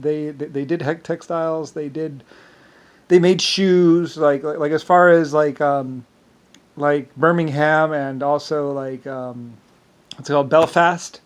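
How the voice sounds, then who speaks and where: Rambling and halting, a man speaks in a clear, resonant voice pitched slightly higher than most men's. He repeats words, fills pauses with "um" and "like," and chuckles frequently.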